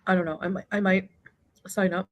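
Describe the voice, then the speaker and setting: A woman talks casually to her viewers while she eats, rambling from one thought to the next. Her voice sits at an ordinary middle pitch, and she laughs often. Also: steady tone, a little fast, low-quality recording. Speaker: vlogger. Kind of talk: casual eating vlog chat.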